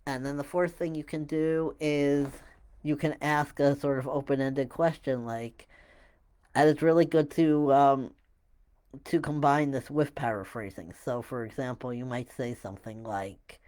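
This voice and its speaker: A man explaining a listening technique to parents in a relaxed, halting way, with many fillers and restarts. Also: medium pitch. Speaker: parenting educator. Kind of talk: casual instructional talk to camera.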